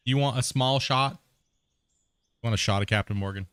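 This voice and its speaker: Bright-voiced laid-back gaming streamer man. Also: medium pitch, takes it slowly, pauses often, clean tone, no room sound. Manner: laid-back, laughs often, chats with viewers and people at home. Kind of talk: casual live-stream chat. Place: home.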